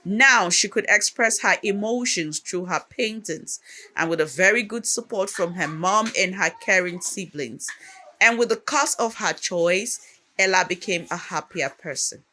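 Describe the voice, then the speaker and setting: Bright, steady documentary narrator. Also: mid-range voice, unhurried. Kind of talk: scripted narration.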